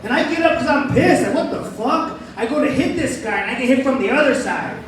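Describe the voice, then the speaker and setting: A man doing a stand-up comedy set and hosting the show, telling crude stories in a brash, animated way. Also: very high-pitched, fast talker, distant mic, a little hiss or hum. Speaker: stand-up comic and show host. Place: small comedy club stage. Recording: echoey room miked from afar, crowd heard. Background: audience laughter.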